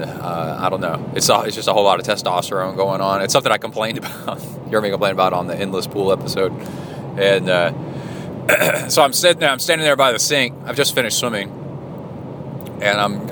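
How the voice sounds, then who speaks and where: A man's voice: lowish voice, brisk, background noise. A man, rambling and chatty as he records a casual training-log monologue into his phone in a locker room. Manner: rambling, chatty storytelling with many fillers. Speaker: podcast host.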